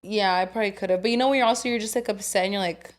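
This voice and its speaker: A young woman in her twenties chatting loosely as a podcast co-host. Her pitch sits in a middle range, and she laughs and swears through the talk, slipping into quoted asides to act out her own reactions. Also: very fast. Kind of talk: casual chat.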